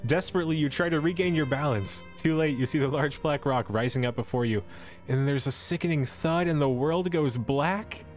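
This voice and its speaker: A man's voice: on the high side, normal speed. Brief: male streamer narrating a storybook, casual jokey asides, faint music under him. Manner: playful asides and laughs between narration. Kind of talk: reading a storybook aloud to a live stream.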